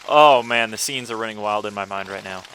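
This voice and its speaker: A man's voice: lowish voice, brisk, bright, forceful tone, slight background noise. A young man giving casual, crude, joking commentary while playing a video game. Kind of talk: let's play commentary.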